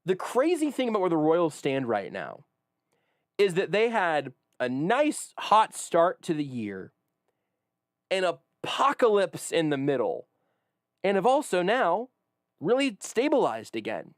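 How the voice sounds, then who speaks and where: A man hosting a sports talk radio show, leading the banter with wry, animated jokes. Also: high voice, a little slow, dry recording, clean studio sound. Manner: animated, wry, leads the conversation.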